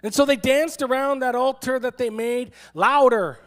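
A man's voice: very high-pitched, normal speed, few pauses, a bit bright. A man who is a pastor, giving a sermon in a playful, sarcastic storytelling manner and acting out quotes.

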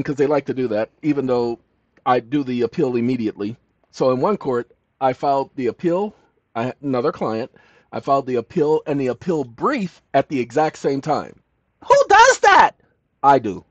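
A man hosting his own channel, talking straight to viewers in an emphatic monologue that swings between loud and hushed. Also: on the high side, dry recording. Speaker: channel host. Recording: dull lo-fi, dry sound.

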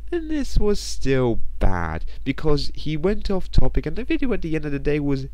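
A man's voice: on the high side, wildly swooping pitch, normal speed, a little mellow, dry recording, poor audio. Sarcastic man doing video commentary. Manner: sarcastic, mocking. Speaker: commentary channel host.

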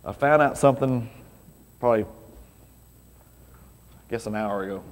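In a church sanctuary with echoing acoustics, a man preaches to his congregation in a casual, talky style, asking plenty of rhetorical questions. He speaks in a lowish voice at a moderate pace.

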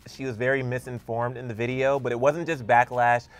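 A young adult man co-hosting a casual celebrity news show, relaxed and conversational, chiming in with quick agreement. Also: mid-range voice, soft background music. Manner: relaxed, conversational, frequent "yeah" and "mm-hmm". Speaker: entertainment news co-host.

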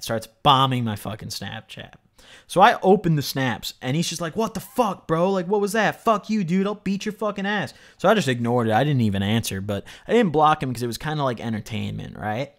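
A man telling a story from his own life in a casual monologue, rambling with constant "like", "you know" and "right?", and swearing freely for emphasis. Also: medium pitch. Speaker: storyteller vlogger.

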